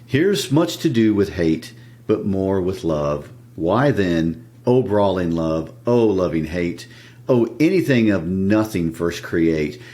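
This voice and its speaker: A man voicing a lovesick young nobleman brooding over unrequited love, reading verse in a measured way. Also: sits low, sing-song, mellow, heavily acted.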